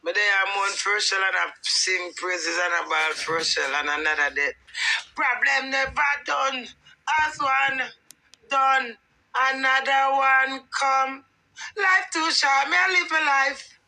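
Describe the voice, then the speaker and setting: A woman's voice: high-pitched, measured pace, bright, forceful tone, rough recording. A Jamaican woman hosting a live stream, chatting in patois and talking about life's troubles. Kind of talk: casual live stream chat.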